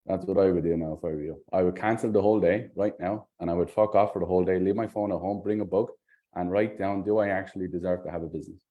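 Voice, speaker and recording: A man's voice: deep voice, steady tone, fast talker, narrow, tinny audio. A man working as a sales coach, giving a blunt, scolding critique and swearing often.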